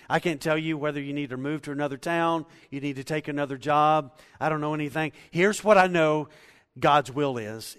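A man's voice: mid-range voice, a bit bright, big-room sound. A man in his forties preaching a conversational sermon as pastor, talking easily and personally. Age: 40s. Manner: conversational, laughing asides.

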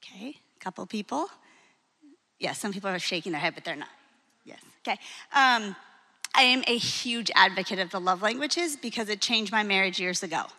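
Bright-voiced woman coaching in a hall. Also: mid-range voice. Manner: lively, frank and encouraging, quick asides. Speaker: marriage coach. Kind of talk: talk to a live audience. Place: hall with an audience. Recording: long reverb of a large hall.

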